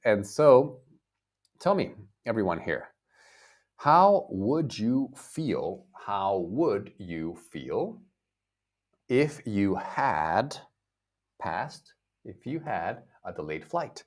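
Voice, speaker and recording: An American man teaches a live online English lesson, speaking slowly and clearly, repeating words and acting out emotions for viewers. His voice is fairly low and very animated.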